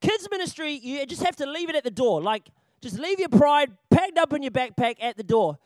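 A young man giving a church training talk on children's ministry, animated and jokey, laughing often and repeating his key points for emphasis. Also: extremely high pitch, fairly quick, no room sound.

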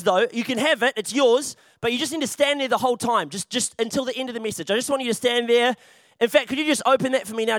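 Preacher guy, really high bright voice, jokey and chatty, dry close sound. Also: no room sound. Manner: chatty, jokey, often restarts phrases. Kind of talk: playful youth sermon with a volunteer.

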